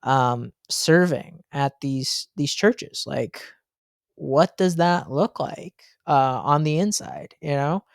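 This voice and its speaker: A man hosting a casual podcast, telling stories in an animated way with frequent ums and likes. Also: on the high side, slow, gravelly, dry recording, studio quality. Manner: animated storyteller, frequent fillers. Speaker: podcast host.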